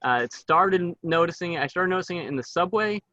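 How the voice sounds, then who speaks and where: Measured man, slightly dull mic. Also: high-pitched, lively intonation, bright, forceful tone, dry recording. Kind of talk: casual chat.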